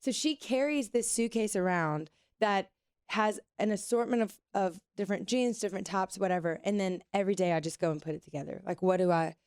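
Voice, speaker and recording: A woman from Louisiana, a singer guesting at a radio studio, chatting in an animated way and laughing often. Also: medium pitch, brisk, clear, resonant tone, no room sound. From Louisiana, USA. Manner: animated, laughs often, mimics her own voice. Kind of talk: casual chat.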